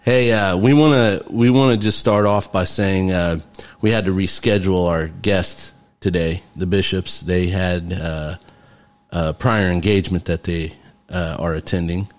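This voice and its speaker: A man hosting a casual podcast from a garage, easygoing and quick to laugh, with lots of fillers. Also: deep voice, steady tone. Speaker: podcast host. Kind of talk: casual chat.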